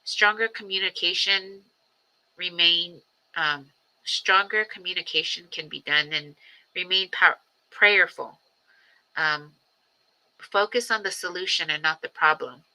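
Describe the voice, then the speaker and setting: A woman who is a grandmother, hosting a personal livestream and talking reflectively, with frequent ums, pauses and repeated phrases. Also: fairly low pitch, sharp tone, rough recording. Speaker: livestream host. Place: home livestream.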